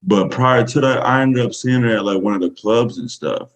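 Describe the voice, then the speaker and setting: A man's voice: mid-range voice, moderate pace, rough recording. A man with a Southern US accent, a podcast guest telling a story casually, rambling with many fillers. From Texas, USA.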